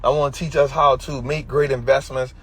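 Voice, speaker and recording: A man's voice: mid-range voice, steady tone, a little fast, a bit bright, husky. A man with an Atlanta Black American English accent, giving a preachy finance talk on a livestream in street slang, repeating his points. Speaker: finance educator.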